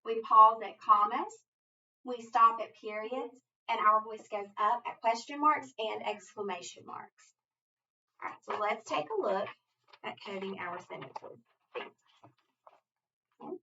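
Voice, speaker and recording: A woman tutoring reading, walking a student through phonics coding rules at a slow, deliberate pace. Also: fairly high pitch, pushed and bright, distant mic, slight background noise. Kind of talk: structured phonics lesson. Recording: muffled audio from away from the mic.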